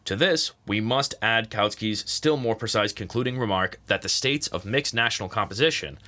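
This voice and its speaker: A man reading a political text aloud as an audiobook, saying the quote marks and parentheses out loud. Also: lowish voice, moderate pace. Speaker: audiobook reader. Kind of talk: read-aloud nonfiction narration.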